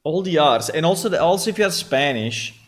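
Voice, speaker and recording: A man's voice: fairly high pitch, lively intonation, brisk. A man with an Italian accent and Italian as his first language, a game developer rambling casually about AI voices, often repeating himself. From Italy.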